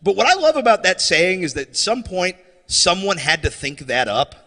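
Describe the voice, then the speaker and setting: Stand-up comic, man, high and very animated delivery. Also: moderate pace, in a large hall. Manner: animated, shifts into mocking voices for characters. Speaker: stand-up comedian. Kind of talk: stand-up set. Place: comedy stage before a live audience.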